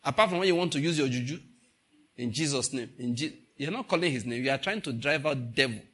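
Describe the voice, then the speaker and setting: A middle-aged man with a Nigerian accent preaching a sermon, emphatic, repeating his points and rising to loud bursts. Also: medium pitch, expressive, quick pace, breathy edge. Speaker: pastor.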